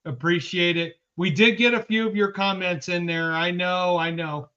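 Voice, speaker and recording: His voice sits high and his intonation stays fairly even as he reads viewers' names at normal speed, shouting them out upbeat during a casual live-stream chat for a sports podcast. The stream audio is dull and lo-fi.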